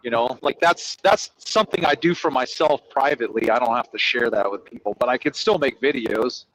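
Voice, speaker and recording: A man hosting a casual podcast chat, talking in an animated, rambling, profane way. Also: mid-range voice, brisk, slight background noise, poor audio. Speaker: host.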